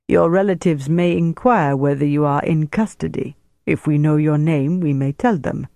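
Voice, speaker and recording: A man reading the part of a commanding male German army major in an audiobook, in a crisp tone of authority. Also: fairly high pitch, normal speed, warm tone, no room sound, studio quality. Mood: smooth.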